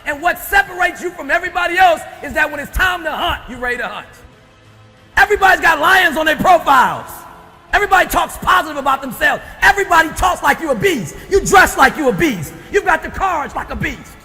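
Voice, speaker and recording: A man shouting a driving, rhythmic motivational speech. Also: very high voice, expressive, fast talker, in a large hall, faint music behind. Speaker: motivational speaker.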